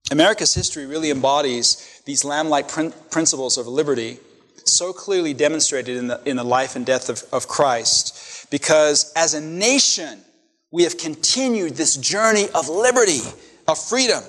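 A man's voice: a little high, normal speed, fairly bright tone, big-room sound. A male pastor preaching a sermon to his congregation, emphatic, with rhetorical questions and repeated phrases. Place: church sanctuary.

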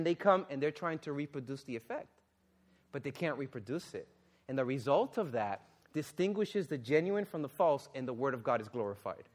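Animated preacher man, fairly high voice. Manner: animated, exclaiming and asking the audience questions; drops to a low, quiet, earnest tone for serious points. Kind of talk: sermon with Bible reading.

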